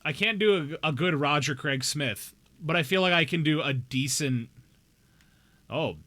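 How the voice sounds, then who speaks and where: A man's voice: fairly high pitch, normal speed, sharp tone. A young man live-streaming a game, chatting casually with viewers in a playful, joking way with bouts of mock outrage. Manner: playful, jokey, talks straight to chat with mock outrage. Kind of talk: casual live-stream chat while gaming.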